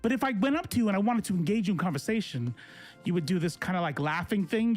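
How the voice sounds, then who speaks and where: A man's voice: high-pitched, animated, racing, darkish tone. A man in his forties, a political streamer, ranting to his chat in a confrontational, sarcastic way. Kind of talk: casual livestream rant to chat.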